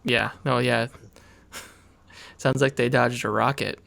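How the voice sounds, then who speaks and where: A man's voice: mid-range voice, steady tone, slow pace, creaky, fairly bright tone. A man co-hosting a casual video game podcast, talking in a laid-back, wry way with hesitant fillers. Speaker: co-host.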